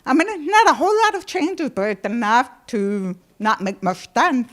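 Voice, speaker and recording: A woman's voice: on the high side, expressive, moderate pace, fairly bright tone. A woman from the United States, giving a wry, self-deprecating conference talk. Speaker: presenter. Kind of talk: conference presentation.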